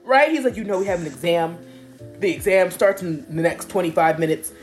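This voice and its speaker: A woman's voice: on the low side, fairly quick, faint music behind. A young woman casually telling a story, laughing and acting out what people said. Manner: animated, laughing storytelling with acted-out quotes. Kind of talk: casual chat.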